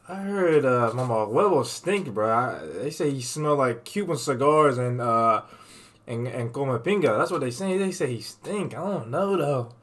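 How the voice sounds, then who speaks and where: High-pitched male streamer, animated and profane, reacting off the cuff. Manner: animated, profane, rambling with repeated restarts. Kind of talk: casual reaction commentary.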